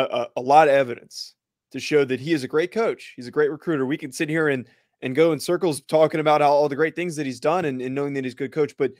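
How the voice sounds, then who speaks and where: A man's voice: a little high, dry recording, studio quality. A man co-hosting a sports podcast in casual chat, earnest and often repeating words as he starts a thought.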